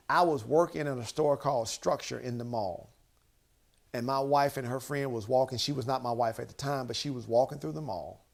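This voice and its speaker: A man giving a motivational, sermon-style talk, retelling a Bible story and acting out the quotes with emphatic bursts. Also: medium pitch. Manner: animated, acts out quotes, rising to emphatic bursts; Bible storytelling with conversational asides. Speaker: speaker.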